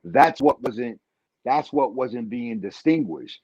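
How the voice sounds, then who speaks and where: A man's voice: medium pitch, lively intonation, takes it slowly, a little mellow, slightly rough. A man talking in casual podcast banter and repeating his points with slang for emphasis. His mic sounds a little dull and muffled. It is also dry, with no room echo. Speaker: podcast co-host.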